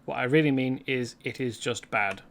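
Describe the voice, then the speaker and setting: A man's voice: medium pitch, normal speed, creaky, a bit bright. A man hosting a let's play, rambling chattily through gameplay commentary and correcting himself as he goes.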